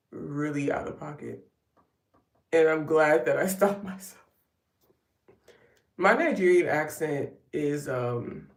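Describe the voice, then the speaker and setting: A woman vlogger chatting casually while doing her makeup, rambling with wry asides. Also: deep voice. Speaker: vlogger doing a live get-ready stream. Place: at home getting ready. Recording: roomy sound from a distance.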